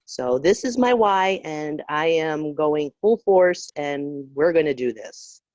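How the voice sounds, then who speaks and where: Earnest, low-voiced woman on a call. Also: lively intonation, darkish tone, no echo, lo-fi sound. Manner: earnest, emotional, halting with fillers. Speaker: call participant. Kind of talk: personal testimony.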